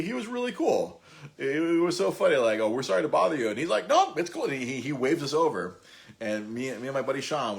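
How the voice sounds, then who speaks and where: Man, podcast host, casual storytelling, lively pitch, stammers and laughs. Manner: rambling, stammering restarts, frequent laughter.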